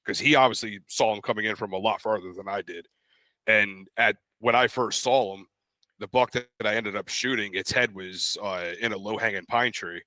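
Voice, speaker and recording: A man's voice: fairly low pitch, moderate pace, no echo. A young man co-hosting a podcast, casually telling a story and acting out the voices of the people in it. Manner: animated, acts out quoted voices in his stories. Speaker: podcast co-host.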